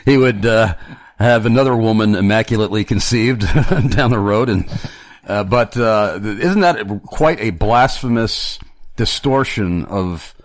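A man's voice: lowish voice, a little slow, no room sound. A man hosting a casual theological discussion, earnest and argumentative, often restarting his sentences.

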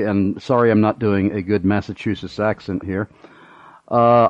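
A man's voice: lowish voice, fairly even intonation, moderate pace, dry recording, highs cut off. A male radio host reading a listener's question aloud to his guest.

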